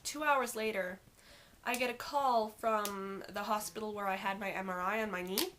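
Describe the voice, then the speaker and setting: A teenage girl telling a vlog story in an animated, sarcastic and exasperated way. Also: mid-range voice, moderate pace, noisy background. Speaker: vlogger.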